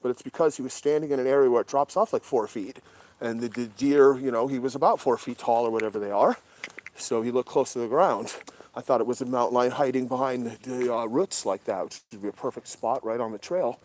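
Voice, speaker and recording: Hushed, profane man. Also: mid-range voice, fairly quick. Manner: profane, often hushed and whispering. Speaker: livestream host. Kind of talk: casual livestream commentary. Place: outdoors at night in brush by a creek.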